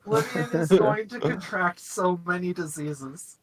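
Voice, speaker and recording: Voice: medium pitch, a little slow, a crowd in the background, rough recording. A tabletop game player explaining a character's choices at length in a chatty way.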